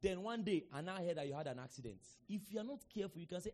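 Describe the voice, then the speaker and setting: A middle-aged man with a Nigerian accent, preaching a sermon with sudden shouted bursts and call-and-response with the congregation. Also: high-pitched, expressive, very fast. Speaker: pastor.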